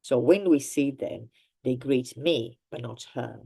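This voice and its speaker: A woman with an Italian accent teaching a grammar lesson, explaining slowly with example sentences and laughing now and then. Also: very deep voice, vocal fry, warm tone, breathy edge. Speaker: language teacher.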